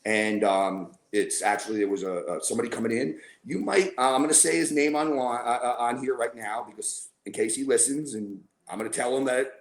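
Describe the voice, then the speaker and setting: A man's voice: medium pitch, steady tone, a little fast, hardly any pauses. A man, a podcast guest, casually telling a long story, rambling with fillers and acting out what people said. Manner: rambling, with fillers and acted-out quotes. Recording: roomy, echoey room.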